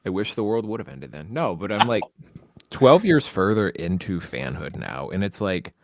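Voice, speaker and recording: A man co-hosting a casual sports podcast, dark-humored and dramatic, swearing freely. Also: low-pitched, very animated, normal speed, dry recording. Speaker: podcast co-host.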